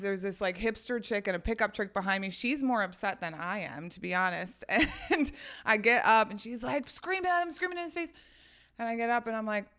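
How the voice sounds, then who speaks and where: A woman's voice: mid-range voice, sharp tone, smooth. A young woman telling stories in a podcast interview, candid and laughing often, swearing freely. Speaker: podcast guest. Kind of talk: casual storytelling.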